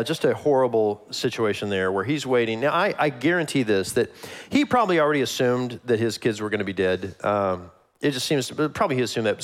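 Lively man preaching. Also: mid-range voice. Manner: animated, acts out quoted lines. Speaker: pastor. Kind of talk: conversational sermon.

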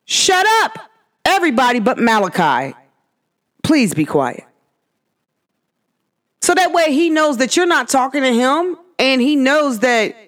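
A young woman hosting a podcast, talking in an emphatic, animated rant full of rhetorical questions. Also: mid-range voice. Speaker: podcast host. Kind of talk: casual monologue.

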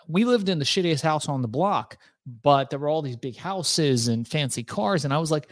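A man from Iran, a guest author telling his story in a casual interview, animated and swearing freely, acting out other people's voices. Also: a little high, normal speed, few pauses, no echo, studio quality.

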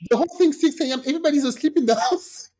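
A woman casually telling a personal story on a podcast, acting out the people in it with big swings in her voice and swearing freely. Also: very fast. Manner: animated, acts out quoted voices with big pitch jumps, swears freely.

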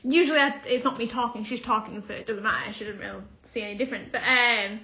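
A woman's voice: a little high, fast, sharp tone. A young woman co-hosting a podcast, chatting casually, giggling often and chiming in with her own stories. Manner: giggly, agreeable listener who chimes in with anecdotes. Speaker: podcast co-host. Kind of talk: casual chat. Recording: echoey room, dull lo-fi sound.

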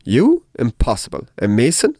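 A man's voice: on the low side, expressive, normal speed, darkish tone, no echo, studio quality, natural voice. A man voicing a tipsy, proud nobleman dressed as a jester, in a dramatic audiobook reading.

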